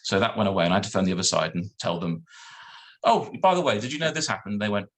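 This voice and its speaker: Guy on a zoom call, quick lowish voice, acts out all the dialogue in his story. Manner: animated storyteller acting out dialogue. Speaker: guest solicitor. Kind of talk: anecdote on a video call. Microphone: video call.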